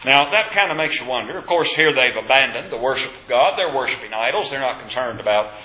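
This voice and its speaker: Bright-voiced man teaching a Bible class. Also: mid-range voice, animated, quick pace. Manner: asks the class questions, emphatic on key points. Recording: echoey, dull room recording.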